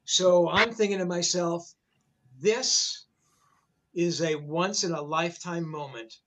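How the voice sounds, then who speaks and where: An older man telling a backstage story in loose, meandering conversation, with plenty of cursing and false starts. His voice sits a little above the usual male pitch. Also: steady tone, slow, a bit bright, low-quality recording. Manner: rambling, profane, many fillers and restarts. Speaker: rock journalist telling a story. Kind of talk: casual storytelling on a livestream.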